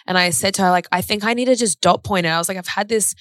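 A woman's voice: mid-range voice, quick pace, fairly bright tone, no echo, clean studio sound. Australian woman telling a personal story. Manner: chatty, fillers of "like", acts out quoted speech.

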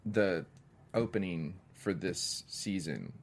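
A man's voice: sits low, slow pace, gravelly. A man chatting as a podcast guest, telling stories animatedly and laughing often. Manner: animated storyteller, acts out quotes, laughs often. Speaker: guest, director. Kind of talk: casual podcast chat.

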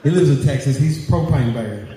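A man's voice: fairly high pitch, expressive, moderate pace. A man doing a loose, rambling stand-up set, laughing at his own jokes. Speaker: stand-up comedian. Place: club or hall with a live audience. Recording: echoey hall, noisy live room.

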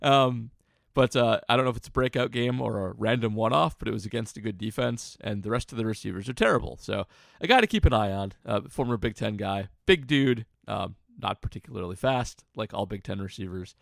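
A man co-hosting a sports podcast, breaking down stats in an easy, analytical way. His voice is heavily gravelly and full of vocal fry. It sounds dry and close to the mic. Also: fairly low pitch, animated, a little fast, hardly any pauses, a bit bright, dry recording. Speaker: podcast co-host. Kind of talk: casual sports podcast chat.

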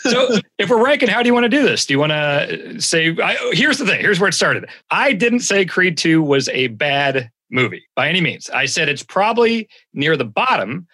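Male podcast guest, bright, animated, enthusiastic fan energy. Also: fairly high pitch. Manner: enthusiastic, quick to laugh at himself. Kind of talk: casual podcast banter.

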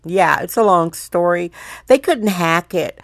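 An older woman from Wisconsin hosting her own podcast, chatting in a playful, theatrical way with big swoops in pitch. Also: a little slow, gravelly, dry recording, studio quality. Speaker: podcast host. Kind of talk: casual solo podcast monologue.

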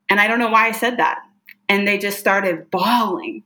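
A woman with a bright, clear voice speaks as a guest in a casual interview. She is earnest and animated, with plenty of fillers. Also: medium pitch, normal speed. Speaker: psychic medium guest.

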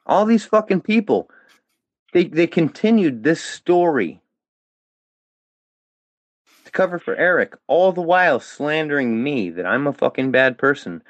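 A man's voice: fairly high pitch, big pitch swings, measured pace, pauses often, dry recording, lo-fi sound. A man on a heated, profane, defiant rant as a podcast guest. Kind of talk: angry rant.

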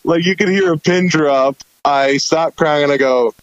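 A man's voice: on the high side, normal speed, dry recording, dull audio. Rambling, self-amused male comedian. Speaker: stand-up comedian. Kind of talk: casual storytelling chat.

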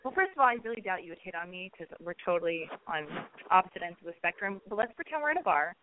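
A woman's voice: lowish voice, sing-song, fast, slight background noise. Rambling, cursing woman host on a thin line. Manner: rambling, blunt and swearing, jokey. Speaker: radio call-in host. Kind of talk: casual call-in chat. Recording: thin phone-like sound.

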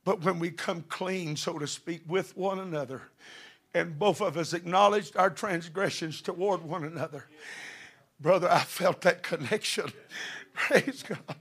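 Fervent, gravelly-voiced preacher man. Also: high-pitched, a little slow. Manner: fervent, building to shouted passages. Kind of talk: sermon.

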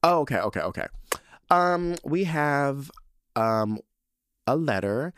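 A man's voice: medium pitch, lively intonation, takes it slowly, long pauses, fairly bright tone, clear, resonant tone, no echo, clean studio sound. A man hosting a podcast, reading listener letters aloud in a chatty, campy way full of fillers. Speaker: podcast host.

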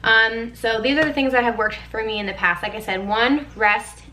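A woman's voice: a little high, moderate pace, bright, forceful tone, poor audio. A young woman hosting a podcast, telling a candid personal story in a chatty, casual way, with lots of "like" and frequent swearing. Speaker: podcast host.

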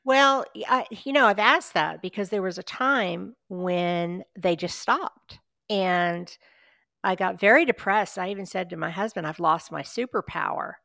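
A woman guest, a paranormal investigator, chatting in a relaxed interview and telling personal stories with easy laughs. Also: mid-range voice, unhurried, gravelly, dry recording, clean studio sound. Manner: chatty, anecdotal storyteller who laughs along. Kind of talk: casual storytelling interview.

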